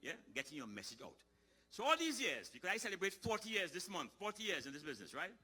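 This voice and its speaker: A man's voice: high voice, breathy edge. A middle-aged man, telling folksy comic stories on stage at a ceremony. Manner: lively, folksy, quick to shift into voices. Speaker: storyteller and comedian. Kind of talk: live comic storytelling.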